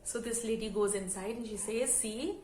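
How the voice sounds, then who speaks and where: A woman, telling a story to her channel in an expressive, chatty way. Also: medium pitch, fairly quick, echoey room, a little hiss or hum, low-quality recording. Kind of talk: storytelling vlog.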